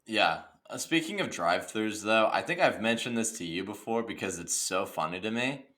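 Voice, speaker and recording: A man's voice: fairly low pitch, animated, normal speed, bright, forceful tone. A man co-hosting a podcast, telling rambling funny stories in casual chat. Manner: joking, rambling storyteller. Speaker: podcast co-host.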